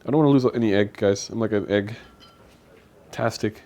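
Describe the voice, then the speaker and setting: A man's voice: lowish voice, moderate pace, warm tone, a little hiss or hum. A man co-hosting a live stream from a home kitchen, chatting casually while he cooks and thanks viewers for donations. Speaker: streamer co-host.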